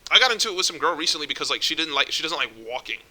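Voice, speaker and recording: A young man ranting casually to camera, swearing a lot and getting exasperated, almost yelling when he gets worked up. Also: on the high side, expressive, rapid-fire. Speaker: vlogger.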